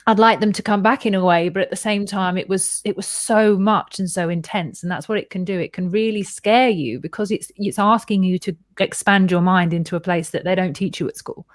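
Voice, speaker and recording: A woman's voice: medium pitch, fairly quick, hardly any pauses, no room sound, clean studio sound. A woman hosting a podcast, telling a personal story in a casual, candid way and acting out the voices she quotes. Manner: animated and candid, swears freely, acts out quoted voices. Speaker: podcast host.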